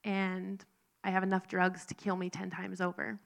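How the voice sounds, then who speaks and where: Gravelly woman giving a heartfelt testimony. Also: lowish voice, monotone. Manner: earnest, halting and emotional storytelling. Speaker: speaker sharing a recovery testimony. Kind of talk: personal faith testimony.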